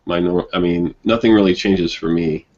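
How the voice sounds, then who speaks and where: A man's voice: sits low, darkish tone. Rambling man on a muffled call. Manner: rambling, with many restarts and quick chuckles. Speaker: online hangout participant and blogger. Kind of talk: casual group video chat. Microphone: computer mic on a video call.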